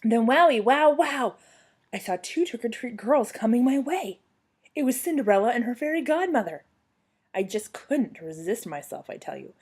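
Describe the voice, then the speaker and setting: A young woman reading a children's book aloud at home on her couch, telling the story to a former student with lively expression. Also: fairly high pitch, normal speed, breathy edge.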